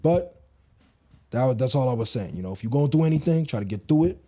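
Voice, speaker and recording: A young man chats loosely on his podcast in laid-back slang, often dropping to a mumble. His voice is dark and mellow, with a lively, swinging pitch. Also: fast talker. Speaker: podcast co-host. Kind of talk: casual chat.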